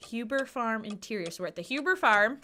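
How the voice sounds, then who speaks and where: A woman's voice: on the high side, animated, fairly quick, pushed and bright, a little hiss or hum. A woman in her thirties from the United States giving giddy, giggly livestream commentary on a game. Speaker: streamer. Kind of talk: let's-play livestream commentary.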